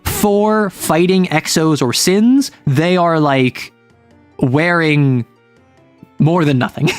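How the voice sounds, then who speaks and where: A man's voice: fairly high pitch, slow pace, faint music behind. A man streaming as a game master, casually and animatedly retelling a tabletop game session in a rambling way.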